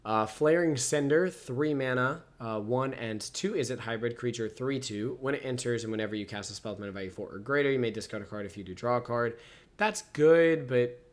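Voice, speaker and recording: This card game reviewer talks a little fast with hardly any pauses, his voice medium-pitched. Drowsy and yawning occasionally, he reads cards aloud in a casual set review and rates each out of ten.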